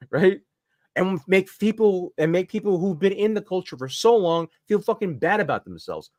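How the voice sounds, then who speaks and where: A man on a podcast, ranting heatedly and swearing often. His voice sits a little high and swings widely in pitch. The sound is close and dry. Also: normal speed, no room sound. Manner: heated, profane, animated ranting. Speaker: podcast co-host. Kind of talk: casual ranting chat.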